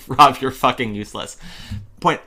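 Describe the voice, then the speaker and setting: A man hosting a podcast, telling gossipy stories in animated casual chat with quick laughs. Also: medium pitch, slight background noise. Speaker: podcast host.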